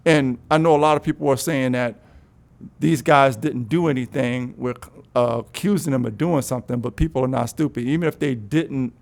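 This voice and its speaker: A man's voice: mid-range voice, normal speed, creaky. A man co-hosting a casual podcast, a parent who gives frank, opinionated takes. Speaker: co-host. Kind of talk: casual chat.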